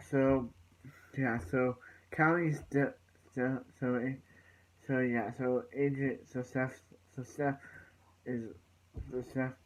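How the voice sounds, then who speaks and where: In a low-quality recording, a TV reviewer with a mid-range voice rambles through an episode recap. He keeps paraphrasing the characters' lines and leans on "so yeah" as filler.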